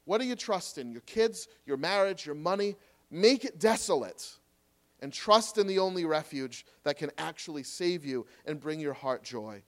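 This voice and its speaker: A man preaching a sermon, pleading earnestly and swinging between loud urging and soft, quiet reassurance. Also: a little high, animated, moderate pace. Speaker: pastor.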